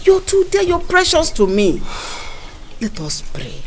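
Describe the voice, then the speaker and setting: A woman's voice: high-pitched, huge pitch swings, measured pace, roomy sound, full character voice. A devout Nigerian mother. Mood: reassuring. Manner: reassuring, prayerful. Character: devout mother reassuring her son. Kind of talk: film drama acting. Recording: noisy outdoor ambience.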